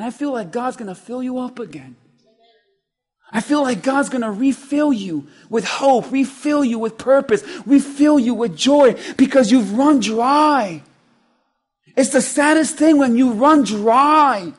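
A man preaching a sermon, speaking to the congregation conversationally and building from quiet asides to loud, urgent passages. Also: extremely high pitch, measured pace. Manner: conversational, quotes scripture in voices.

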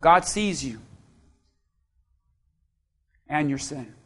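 A man's voice: fairly high pitch, expressive, very slow, fairly bright tone. A male pastor preaching a sermon in church, joking with the congregation and leading call-and-response. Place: church sanctuary.

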